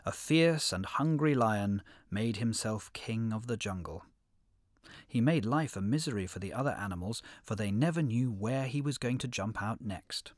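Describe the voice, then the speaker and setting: A man narrating an animal fable in an expressive storybook reading. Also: fairly low pitch, moderate pace, no room sound.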